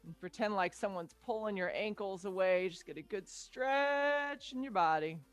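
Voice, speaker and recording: A woman's voice: medium pitch, normal speed, no room sound. A young woman fitness coach leading a home workout, calling out moves and counting down with upbeat energy. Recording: dry close sound with faint music behind.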